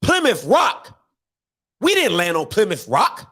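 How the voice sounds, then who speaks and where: A man's voice: high voice, wildly swooping pitch, a little slow, sharp tone. A man hosting a call-in show, preaching his points hard and ending them with "okay?". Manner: emphatic, punctuates points with "okay?". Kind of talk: fiery radio talk.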